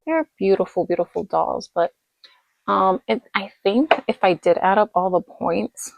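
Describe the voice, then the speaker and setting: Woman, casual doll review vlog, rambling and chatty, tired, medium pitch, dry close sound. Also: a little slow, creaky, no echo, poor audio. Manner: chatty and rambling, lots of fillers and self-corrections. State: tired late at night. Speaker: doll collector vlogger.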